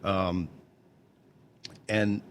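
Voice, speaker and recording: A deep, level-toned man in his fifties, an actor and songwriter, speaks candidly as an interview guest. He halts often, restarts and repeats words, and there's a little hiss or hum on the recording.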